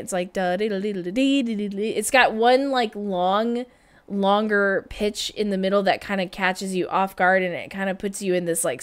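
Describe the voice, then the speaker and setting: A woman hosting a music reaction, talking casually about a song, laughing often and humming the riffs out loud. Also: medium pitch. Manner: chatty, laughs often, hums and scats riffs. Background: faint music.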